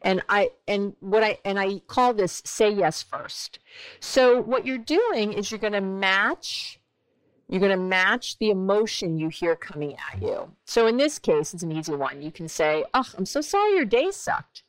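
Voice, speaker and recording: A woman's voice: a little slow, low-quality recording. A woman in her forties, a therapist hosting a relationship advice podcast, talking animatedly and acting out bits of dialogue. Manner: animated, acts out quoted dialogue with big pitch jumps.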